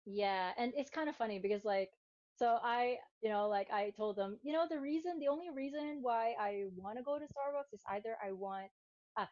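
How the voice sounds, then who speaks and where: A woman chatting casually as a guest, telling stories in an animated way. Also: a little high, normal speed, dry recording, lo-fi sound. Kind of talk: casual chat.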